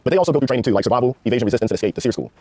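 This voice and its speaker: A man tells army stories at a very fast clip, loose and full of swearing. His voice sits dark and mellow, recorded close with no room sound. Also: mid-range voice, expressive, no echo. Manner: rapid, profane, laid-back war storytelling. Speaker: guest, former Army Ranger. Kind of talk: casual storytelling interview.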